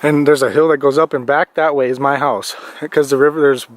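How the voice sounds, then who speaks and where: A young man from Minnesota vlogging as he trudges through deep snow outdoors, rambling with lots of fillers and a little out of breath in the cold. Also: steady tone, fairly quick. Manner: rambling, filler-heavy talk with many 'like's. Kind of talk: casual vlog walking outdoors. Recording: wind and handling noise on a phone mic.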